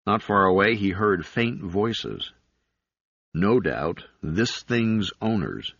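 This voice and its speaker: Slow, husky male audiobook narrator. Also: lowish voice, animated, fairly bright tone, dry recording. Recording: dull, dry lo-fi recording.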